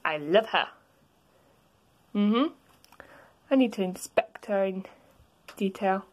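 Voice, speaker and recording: A woman's voice: medium pitch, animated, slow pace. A woman voicing a cheeky young male goat kid plush toy who talks in a mumbling, cheeky way. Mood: smitten.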